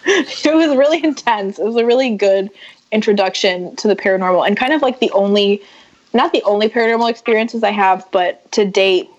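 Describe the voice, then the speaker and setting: On a dull lo-fi recording, a podcast guest tells a story in casual conversation, her medium-pitched voice a little fast. She's animated and acts out the things others said.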